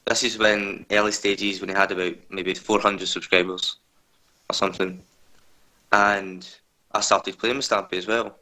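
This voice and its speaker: A man's voice: fairly low pitch, little pitch movement, normal speed, sharp tone, rough recording. Nervous, hesitant young man on a call. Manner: hesitant, full of "kinda" and "like". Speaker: interview guest. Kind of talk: casual storytelling interview. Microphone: video call.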